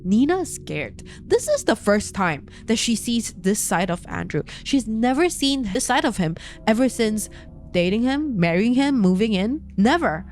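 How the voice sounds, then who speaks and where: A woman casually retelling a thriller novel, slow and dramatic, with casual fillers. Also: a little high, sing-song, soft background music. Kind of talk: casual storytelling recap of a novel.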